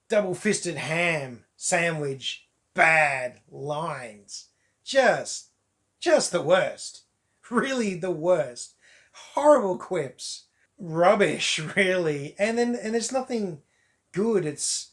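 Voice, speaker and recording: A man's voice: high-pitched, expressive, slow pace. A man reviewing a movie in a casual, wry way, piling on exaggerated put-downs and laughing at them.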